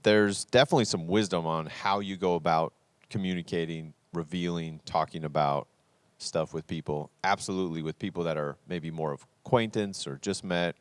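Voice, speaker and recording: Man, deep voice, earnest podcast host, dry close mic. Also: steady tone, moderate pace, clean tone, no room sound. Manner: earnest, acts out quoted dialogue. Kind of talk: unscripted faith conversation.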